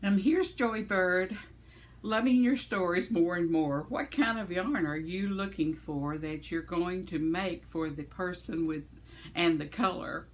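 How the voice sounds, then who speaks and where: A woman's voice: on the low side, measured pace, slight background noise. A woman, chatting casually as a vlogger, giggly and rambling, with fillers and trailing thoughts. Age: 70s. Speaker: vlogger reading viewer comments. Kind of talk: casual chat.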